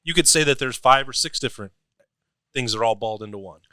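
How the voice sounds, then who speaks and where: A man's voice: medium pitch, pushed and bright, dry recording. A man co-hosting a sports podcast, analytical and steering the conversation. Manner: fast, analytical, steering the talk. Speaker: podcast co-host. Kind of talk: casual sports talk.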